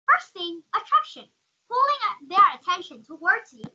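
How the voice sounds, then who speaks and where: A woman's voice: very high-pitched, sing-song, moderate pace, pushed and bright. A woman with a Vietnamese accent teaching an online class over a video call, asking questions and calling on students by name. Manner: calls on students by name, asks many questions. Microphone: computer mic on a video call. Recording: dull lo-fi video call audio.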